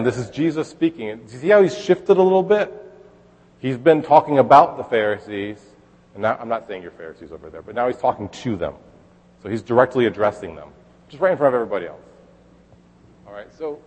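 A man's voice: medium pitch, animated, brisk, darkish tone, husky, big-room sound, low-quality recording. A man preaching a sermon in a casual, conversational way, reading scripture aloud and then explaining it. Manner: conversational, with fillers and restarts, reads scripture aloud. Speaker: pastor.

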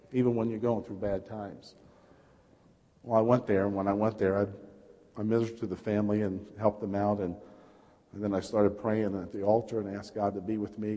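A man's voice: on the low side, mellow, slightly rough, muffled recording. A man with a New York accent preaching a sermon, telling personal stories with passion and calling out to the congregation. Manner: passionate storytelling preacher, calls out "Amen?". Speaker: pastor. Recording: reverberant hall.

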